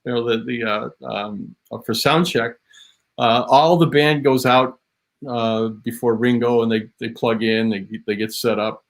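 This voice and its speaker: A man from Buffalo, a drum historian guest, explaining in a halting way with many fillers. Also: medium pitch, fairly even intonation. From Buffalo, USA. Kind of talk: casual chat.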